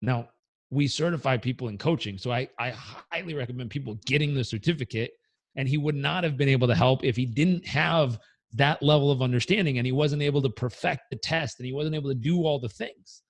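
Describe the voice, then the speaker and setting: A man's voice: medium pitch, a little fast. A man, a motivational coach, telling a story in an interview and acting out the characters. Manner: animated storyteller, acts out the characters. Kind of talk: conversational storytelling.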